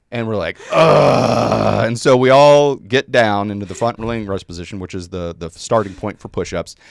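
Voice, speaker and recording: A man's voice: fairly low pitch, no echo, studio quality. A middle-aged man telling a long story in conversation, rambling with many fillers and restarts. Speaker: guest.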